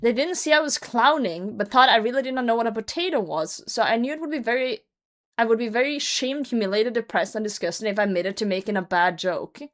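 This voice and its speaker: A woman streamer with a slightly high voice reads a story aloud to her chat. She breaks in often with blunt, profane remarks and laughs as she goes, talking into a desk microphone at home. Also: fairly quick, a bit bright. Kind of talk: livestream chat, reading a story aloud with commentary.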